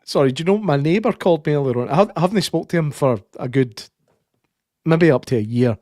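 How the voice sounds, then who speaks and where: A man's voice: on the high side, animated, quick pace, darkish tone, no echo, clean studio sound. A man with a Scottish accent co-hosting a podcast, chatting casually and telling stories full of swearing and laughter. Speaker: podcast co-host. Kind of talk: casual chat.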